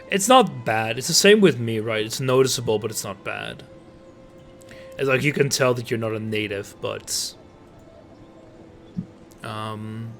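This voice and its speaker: A man's voice: mid-range voice, vocal fry, a bit bright. A man with a Dutch accent, a native Dutch speaker, chatting casually on a live stream in rambling talk full of fillers and restarts. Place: home streaming setup.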